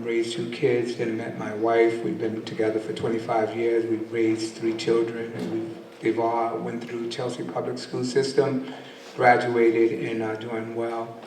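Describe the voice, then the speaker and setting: Older man, gravelly, flat-toned speech. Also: mid-range voice, a little hiss or hum. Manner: earnest, halting with many ums. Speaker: city council candidate. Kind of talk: candidate forum speech. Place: community meeting hall. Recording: echoey hall from far off with faint ambience.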